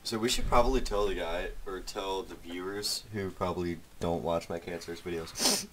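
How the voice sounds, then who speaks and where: Teen male host, low voice, offhand casual chatter, faint noise behind. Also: normal speed, fairly bright tone. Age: teens. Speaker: channel owner. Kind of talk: casual chat over a call.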